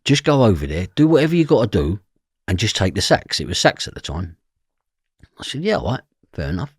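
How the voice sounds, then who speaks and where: A man with a broad East London accent, his voice husky and low. He tells his stories with a lot of up and down in his pitch and jumps into the voices of the people in them. The sound is close and dry. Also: brisk, no echo. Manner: animated storyteller acting out other people's voices. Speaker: podcast guest. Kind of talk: storytelling interview.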